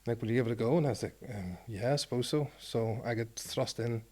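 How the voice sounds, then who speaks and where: A man's voice: medium pitch, fast, a little mellow. A Northern Irish man in his forties, a former rugby player telling stories in an interview in a self-deprecating way, acting out the things people said. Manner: self-deprecating, acts out quoted exchanges. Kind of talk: storytelling interview.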